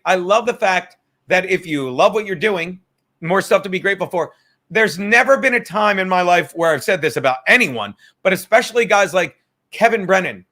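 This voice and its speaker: A man with a high, bright and forceful voice rants as the host of his own podcast. He talks in a profane, heated way, full of sarcasm, and now and then reads out viewer chats. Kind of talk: casual ranting monologue.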